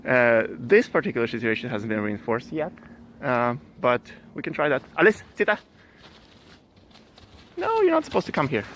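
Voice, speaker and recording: A man's voice: mid-range voice, gravelly, fairly bright tone, slight background noise. Man explaining dog training. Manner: loose, thinking aloud with many fillers and restarts. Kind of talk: casual hands-on training explanation.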